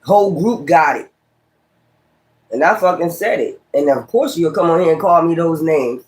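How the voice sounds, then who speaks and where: This Brooklyn-accented tarot reader speaks at a moderate pace, his voice on the high side and full of expression. During a casual livestream reading, he lashes out at critics with profanity and a combative edge.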